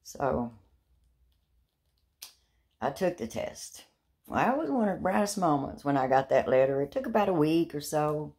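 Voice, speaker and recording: Middle-aged woman vlogger, deep and fried voice, handheld phone, chatty and rambling. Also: sing-song, moderate pace, pauses often, darkish tone. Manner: rambling and chatty, with repeated words and self-mocking laughs. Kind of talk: casual talk to camera.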